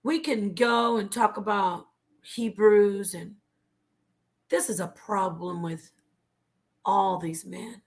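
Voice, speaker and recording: A woman's voice: mid-range voice, slow pace, pauses often. A woman guest telling her story on a talk show, passionate and preachy, sometimes dropping to a whisper for emphasis. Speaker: guest, former member of a religious group.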